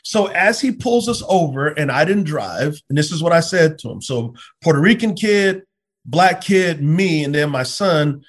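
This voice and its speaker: A middle-aged man, a pastor, telling personal stories in an earnest, animated way with frequent stammered restarts. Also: on the high side, normal speed. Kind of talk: conversational storytelling.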